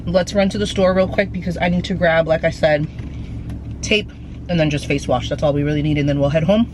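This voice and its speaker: A woman's voice: deep voice, fairly quick. A pregnant woman in her thirties chats casually and candidly to her viewers, calling them y'all and mixing in plenty of slang. She records herself on a handheld camera, mostly from her car and at home. A faint hum of car and room noise sits behind her voice. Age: 30s. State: heavily pregnant. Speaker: vlogger. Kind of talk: chatty vlog talk.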